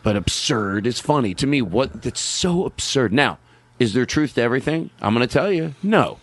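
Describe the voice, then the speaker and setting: A man's voice: mid-range voice, lively intonation, normal speed, no echo. A man hosting a podcast, chatting casually, rambling and joking with himself. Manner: rambling, self-interrupting, joking. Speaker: podcast host. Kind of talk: casual chat.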